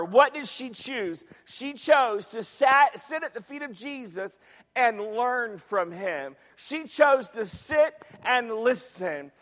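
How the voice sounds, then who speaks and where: A man's voice: very high voice, animated, slow pace, fairly bright tone, in a large hall. A man preaching a sermon as pastor, emphatic, repeating phrases and asking the congregation questions. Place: church sanctuary.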